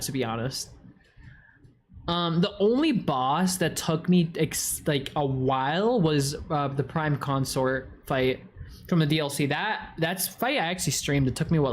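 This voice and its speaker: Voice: mid-range voice, a little hiss or hum. A streamer with a stuffy nose, casually chatting with viewers and answering their questions, full of crude swearing and mock insults.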